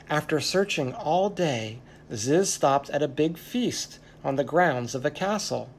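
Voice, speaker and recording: A storyteller reading a children's story aloud in an expressive way at a family service. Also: medium pitch. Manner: slow, expressive read-aloud.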